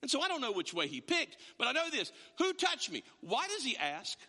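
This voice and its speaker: A man preaching a sermon as a pastor, in an animated, conversational way with frequent restarts. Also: very high-pitched, brisk, in a large hall.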